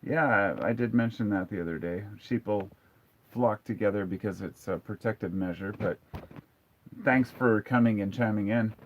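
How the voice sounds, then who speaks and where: Man, forties, live-stream host; lowish voice, blunt and casual, dull lo-fi audio. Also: moderate pace. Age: 40s. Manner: candid, blunt, reads viewer comments aloud. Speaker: livestream host. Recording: dull lo-fi sound.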